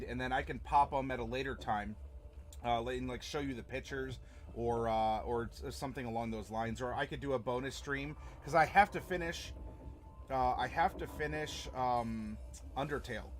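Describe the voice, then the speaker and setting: A young man runs a live stream as game master, chatting casually in a rambling way full of fillers and restarts. His voice is medium-pitched at a normal speed, with a little hiss or hum on the recording.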